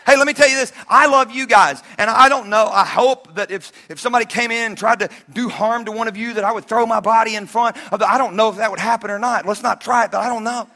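A man in his forties preaching a sermon, telling personal stories with animated swings between shouts and hushed asides, joking with the congregation. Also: high-pitched, quick pace, hardly any pauses. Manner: jokey and conversational with the congregation.

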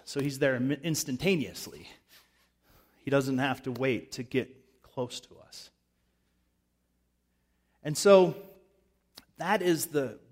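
A man preaching a sermon in a conversational way, acting out voices when he retells scenes. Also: medium pitch. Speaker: pastor. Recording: long reverb of a large hall.

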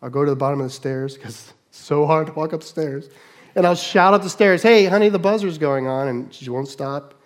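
A middle-aged man preaching a sermon, moving between loud mock shouts and quiet asides. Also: fairly high pitch, moderate pace. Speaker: pastor.

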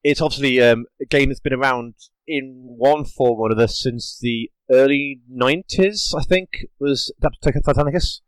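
A man's voice: mid-range voice, normal speed, clear, resonant tone, dry recording. A man hosting a casual podcast, joking and hesitant with lots of ums. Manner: jokey, hesitant with many ums. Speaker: podcast host. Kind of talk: casual chat.

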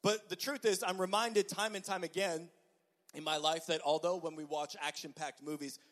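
A young man preaches in an animated storytelling style, his voice sitting a little high for a man. He stumbles through quick restarts and keeps checking in with the crowd with "okay?". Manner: animated, frequent "okay?" asides, stammered restarts. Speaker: pastor. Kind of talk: storytelling sermon.

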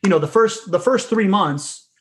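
A man talking shop in a rapid, rambling casual conversation, swearing now and then. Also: high voice, lively intonation. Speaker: podcast business consultant.

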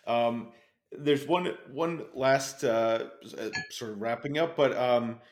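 A man's voice: medium pitch, slow, slight background noise. A man interviewing a guest, asking questions in a hesitant way with many "um" and "uh" fillers. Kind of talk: casual interview.

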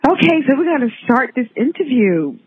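A New woman hosts her podcast with giggly, flirty excitement, talking freely and teasing her guest. Her voice has a faint husky edge. It all comes through a tinny phone connection. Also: high-pitched, brisk. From New York. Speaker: podcast host. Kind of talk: casual podcast interview. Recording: tinny phone-line audio.

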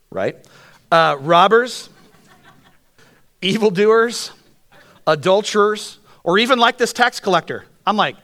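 A man preaching a sermon, telling stories in an animated, joking way and then dropping to soft, earnest tones. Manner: animated, jokey storytelling with quick shifts to soft, earnest lows. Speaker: pastor.

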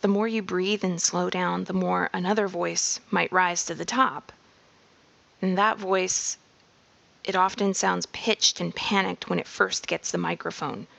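A woman giving a slow, measured reflective monologue on personal growth. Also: on the low side, fairly even intonation, creaky, a bit bright, no room sound. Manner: slow, measured, drops into whispers.

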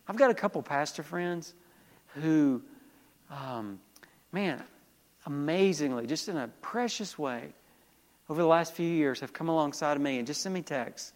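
A male pastor with a high voice preaches a sermon in a church sanctuary. His delivery is emphatic and he keeps calling out to the congregation for a response. A long reverb trails off his words. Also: sing-song, normal speed, pauses often.

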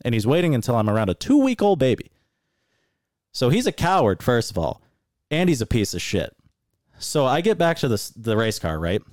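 Male podcast co-host, heated profane storyteller, lively pitch, dry sound. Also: fairly quick, dry recording. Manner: angry, profane, animated storytelling. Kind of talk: casual storytelling rant.

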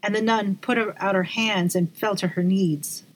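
A woman narrating a dark first-person story in a measured, dramatic reading. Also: medium pitch, fairly even intonation. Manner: measured, slowing on dramatic lines.

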